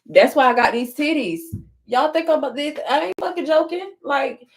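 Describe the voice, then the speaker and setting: A woman's voice: high-pitched, lively intonation, moderate pace. A young woman telling stories to viewers in a casual get-ready-with-me vlog, blunt and full of profanity. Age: young adult. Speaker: vlogger.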